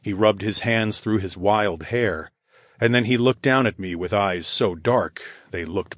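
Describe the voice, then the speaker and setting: A man narrating a first-person fantasy audiobook in a dry, deadpan, cocky manner. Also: low voice, unhurried, no echo.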